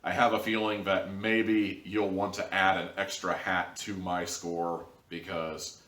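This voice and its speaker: A man's voice: low voice, flat delivery, a little slow, fairly bright tone, reverberant, recorded from a distance. A man hosting a casual video review, rambling and wry in an easygoing way. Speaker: show host and reviewer.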